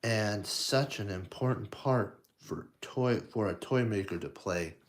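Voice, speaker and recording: A man's voice: fairly low pitch, lightly acted. A man reading as Ratigan, boastful villain rat. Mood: sneering. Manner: slow, sneering, boastful. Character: scheming villainous male rat mastermind, boastful.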